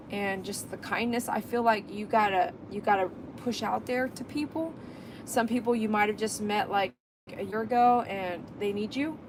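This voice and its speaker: A fairly high-voiced woman speaks straight to her viewers in a casual vlog monologue. She is a dog groomer who talks with emphatic passion, circling back and repeating phrases as she presses her point. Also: noisy background. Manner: impassioned, emphatic, rambling with repetitions.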